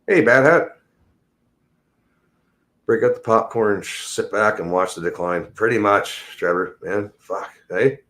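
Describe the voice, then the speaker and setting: Man, very low voice, casual livestream host, rambling, heavy cursing. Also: a little slow, long pauses, fairly bright tone. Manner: rambling and heavily profane. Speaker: tradesman.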